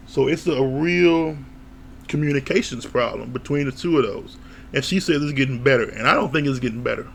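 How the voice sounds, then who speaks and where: A man giving a casual, opinionated recap of a reality show, blunt and quick to laugh or swear. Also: mid-range voice, vocal fry, fairly bright tone, a little hiss or hum.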